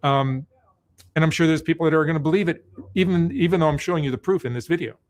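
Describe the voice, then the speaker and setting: A man speaking to camera as a content creator, earnest and measured as he defends himself. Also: on the high side. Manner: earnest, measured, self-justifying. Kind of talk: explaining to camera.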